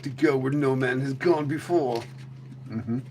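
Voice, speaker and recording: A man's voice: medium pitch, a little slow, darkish tone, a little hiss or hum. A man hosting a casual livestream chat, rambling and joking, often slipping into silly voices. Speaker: livestream host.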